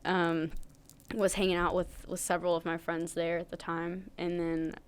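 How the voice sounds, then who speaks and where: A young woman guest on a podcast, telling stories in a jokey, animated way. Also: fairly low pitch, moderate pace, a little hiss or hum. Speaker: guest musician. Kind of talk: casual interview chat.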